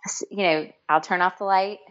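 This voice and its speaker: A woman's voice: on the low side, steady tone, a little fast, clear, resonant tone, lo-fi sound. A middle-aged woman telling heartfelt stories in conversation, earnest and emotional, with many restarts and fillers. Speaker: guest. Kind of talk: storytelling in conversation.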